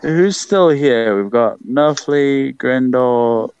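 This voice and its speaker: A man co-hosting a casual group podcast over voice chat, making crude jokes and quick reactions. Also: medium pitch, lively intonation, a little mellow, clean tone, no room sound, muffled recording. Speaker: podcast co-host.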